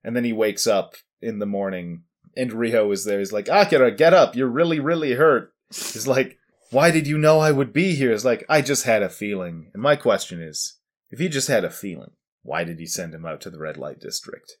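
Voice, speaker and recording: A man's voice: fairly low pitch, normal speed. A young man casually recapping an anime episode on a podcast, rambling with fillers and laughs. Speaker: podcast co-host.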